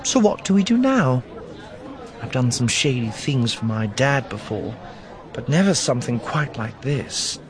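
A man's voice: mid-range voice, big pitch swings, measured pace, some chatter behind, voice pushed up. A man voicing a curious, teasing young woman companion.

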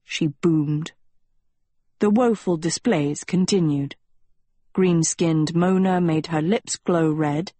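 A woman narrating an audiobook in a measured storytelling manner. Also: on the low side, a little mellow, no echo.

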